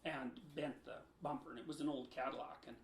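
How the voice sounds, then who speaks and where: A man giving long explanatory interview answers in his home, emphatic and lecturing, with sharp swings between loud and quiet. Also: medium pitch, steady tone, a little fast, a little hiss or hum. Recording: roomy echo.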